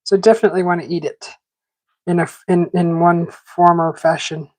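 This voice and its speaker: A woman's voice: lowish voice, fairly even intonation, moderate pace, dark tone, dry recording. Chatty woman streaming live, dry sound. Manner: rambling, chatty, many fillers and restarts; talking while eating. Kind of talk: casual live-stream chat. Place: home garden setting.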